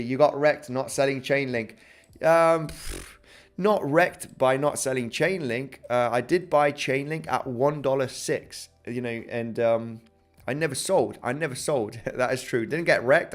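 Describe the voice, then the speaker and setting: A man with an English accent hosting a live crypto trading stream, talking through charts and chat comments with lots of "okay?" and "right?". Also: mid-range voice. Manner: chatty, fillers and repeated "okay?", "right?". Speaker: crypto trading livestream host. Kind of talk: live market analysis reading chat.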